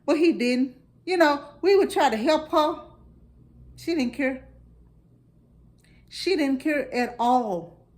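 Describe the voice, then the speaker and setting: A middle-aged St. woman with a high, bright voice tells family stories in a loose, chatty way. She acts out the quotes in animated turns. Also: slow, pauses often. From St. Louis, USA. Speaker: storyteller. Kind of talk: casual storytelling.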